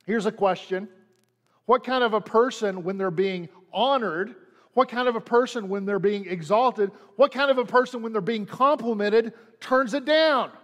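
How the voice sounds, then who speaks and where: A man's voice: sits high, normal speed, a bit bright, long reverb tail. A man preaching a sermon as pastor, repeating lines and leaning hard on them for emphasis. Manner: preaching with dramatic emphasis and repetition.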